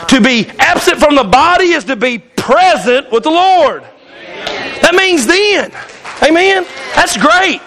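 A man's voice: extremely high pitch, animated, a little slow, sharp tone. A male pastor preaching a fiery sermon in church, hollering and calling out to the congregation. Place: church sanctuary.

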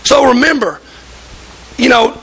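A man's voice: very high voice, expressive, unhurried, a bit bright, husky, poor audio. A pastor preaching a fervent sermon in church, acting out voices in the stories he tells.

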